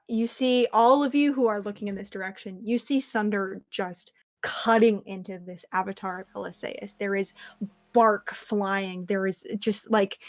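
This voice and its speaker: A woman's voice: medium pitch, no room sound. A woman game master narrating a tabletop game with vivid description and frequent fillers.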